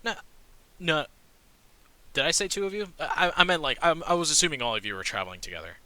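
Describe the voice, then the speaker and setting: A man narrating a tabletop game as game master, halting, with many fillers and restarts. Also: a little high, very animated, pushed and bright, no room sound.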